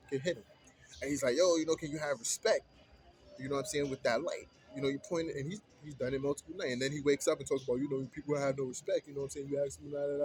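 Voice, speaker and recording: A man's voice: medium pitch, darkish tone. Man ranting in a casual vlog. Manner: heated, colloquial, repetitive retelling.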